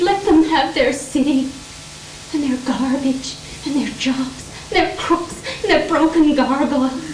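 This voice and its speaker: A woman's voice: sits high, a little mellow. A woman playing a distraught, pleading wife on stage. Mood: longing. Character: Edna, distraught middle-aged New York wife. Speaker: stage actress. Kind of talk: amateur stage play. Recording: roomy stage sound from far off with faint hiss.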